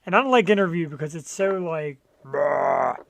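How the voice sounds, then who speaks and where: A man hosting a casual talk show, joking and chatting in a loud, laid-back way. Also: high-pitched, animated, fast talker, no room sound. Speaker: host.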